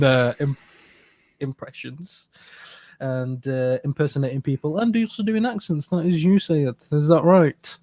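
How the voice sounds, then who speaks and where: A man's voice: medium pitch, steady tone, normal speed, a little mellow. A man co-hosting a casual advice podcast in a studio, talking hesitantly with many fillers and frequent laughs. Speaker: podcast co-host.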